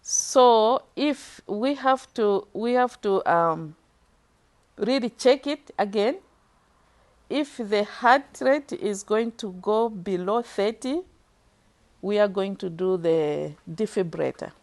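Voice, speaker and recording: A middle-aged woman giving an earnest, emotional faith testimony in an interview, speaking slowly from the heart. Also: mid-range voice. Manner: earnest, slow and heartfelt, moved to tears at times. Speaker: church member giving a testimony.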